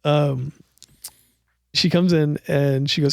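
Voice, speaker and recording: Gravelly-voiced man telling stories. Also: medium pitch, fairly quick, dry recording, studio quality. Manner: animated storyteller who acts out quotes. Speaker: guest, coffee roaster and cafe owner. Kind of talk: casual podcast storytelling.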